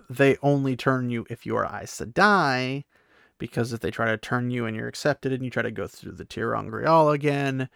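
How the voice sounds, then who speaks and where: A man's voice: medium pitch, gravelly, a bit bright, no echo, studio quality. A young man giving a casual, chatty chapter recap with laughing asides and lots of fillers. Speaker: book recap vlogger.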